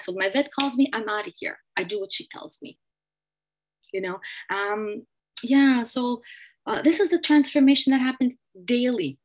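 A woman's voice: fairly high pitch, moderate pace. A woman giving an earnest personal share at a recovery meeting, often repeating and restarting her phrases.

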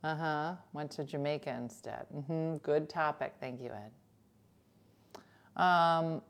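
A woman's voice: low-pitched, takes it slowly, long pauses, a little mellow. Joking, chatty woman host. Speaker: talk show host. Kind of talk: casual chat.

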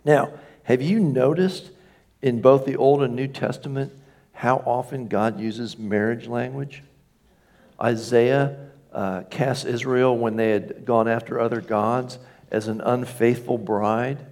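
A man's voice: mid-range voice, fairly even intonation, slow pace, darkish tone. A man preaching a sermon in a church, emphatic, lifting his voice on key phrases and asking the congregation for agreement. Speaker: pastor.

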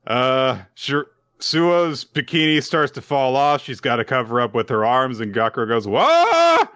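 A man's voice: mid-range voice, moderate pace, no room sound, studio quality. A man co-hosting a podcast, casually recapping a manga chapter and acting out the characters' lines. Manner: animated retelling with acted-out quotes. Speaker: podcast co-host.

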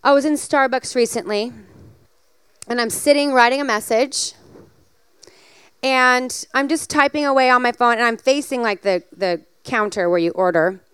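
A woman delivers a sermon in a high, bright-toned voice, recorded dry and close. She tells a personal story with animated energy and rises into emphatic exhortation. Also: moderate pace, smooth, no room sound. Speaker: preacher.

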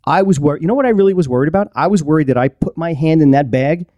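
A man's voice: fairly high pitch, quick pace, warm tone, dry recording, lo-fi sound. A man hosting a podcast, telling a story in casual chat and laughing often. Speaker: podcast host.

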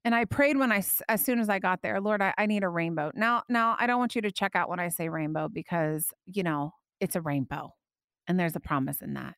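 A woman hosting a faith podcast, telling a personal story with animated, emotional delivery that climbs high when she quotes her prayers. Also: brisk, no room sound, clean studio sound. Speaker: podcast host.

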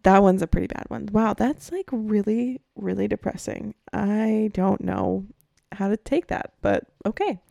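A woman podcast host chatting casually, with lots of "like" and "um" and frequent laughs. Her voice has a gravelly fry at a middle pitch, recorded dry and close. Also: unhurried, warm tone, dry recording. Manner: chatty, many fillers like "like" and "um", laughs often. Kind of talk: casual chat.

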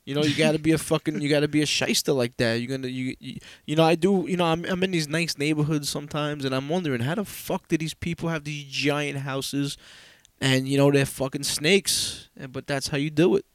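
A man co-hosting a podcast in casual chat, blunt and slangy, swearing freely and speaking in quick bursts. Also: a little high, steady tone, dry recording, studio quality.

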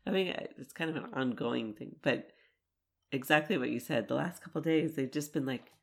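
A woman's voice: a bass voice, a little fast, gravelly, slightly rough. A woman co-hosting a family podcast in casual chat, often laughing and giving short agreeing replies. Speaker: podcast co-host, mother.

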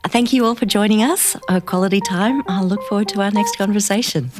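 A woman's voice: mid-range voice, fairly quick, over loud music. A woman hosting a theatre podcast, a director talking casually and emphatically, often repeating her points for effect. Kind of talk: casual conversation.

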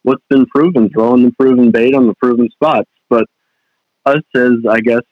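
A man's voice: mid-range voice, fairly even intonation, normal speed, no room sound. A young man, a fishing guide and guest, talking casually in a rambling way with many restarts. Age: young adult. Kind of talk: casual podcast chat. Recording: dull dry podcast audio.

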